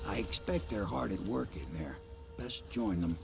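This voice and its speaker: Game boatman, male: gravelly, low-set, curt and businesslike. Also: lively intonation, normal speed, faint music behind. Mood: matter-of-fact. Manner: curt, matter-of-fact advice. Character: gruff male boatman ferrying the hero. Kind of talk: video game character dialogue.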